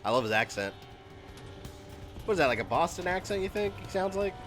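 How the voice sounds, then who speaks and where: Dude streaming a game, rambling casual chatter, game music going behind him. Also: male voice, high-pitched, big pitch swings, fairly quick, a bit bright. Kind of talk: casual live-stream gaming commentary.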